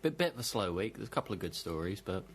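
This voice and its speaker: A man's voice: low-pitched, big pitch swings, fast talker, a little hiss or hum. A man with a British accent co-hosting a gaming podcast, running through the news with dry, understated remarks. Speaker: podcast co-host. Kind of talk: casual podcast chat, reading news.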